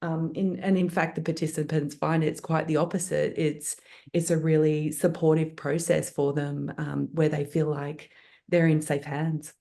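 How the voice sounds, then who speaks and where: A woman speaks as a guest on a panel. Her voice sits low and mellow, and she talks thoughtfully, pausing with fillers and restarting her sentences. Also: flat delivery, vocal fry. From Australia. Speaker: guest producer. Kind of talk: panel interview.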